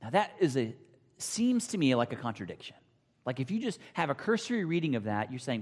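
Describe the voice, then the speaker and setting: A man preaching a sermon, emphatic and repetitive, swinging between loud declarations and near whispers. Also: mid-range voice, sing-song, fairly quick. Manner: emphatic, repeats phrases, drops to near whispers. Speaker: pastor. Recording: long hall reverb.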